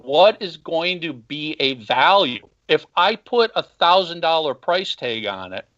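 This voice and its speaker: A man's voice: fairly high pitch, sing-song, measured pace, a bit bright, dull audio. A man calling in to a casual interview, talking bluntly and emphatically about music fans. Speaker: podcast host and former band marketer. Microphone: phone call.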